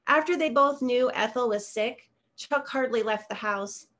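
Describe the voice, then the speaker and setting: Woman reading her story on a video call. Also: fairly high pitch. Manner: measured, steady storytelling. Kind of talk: literary reading.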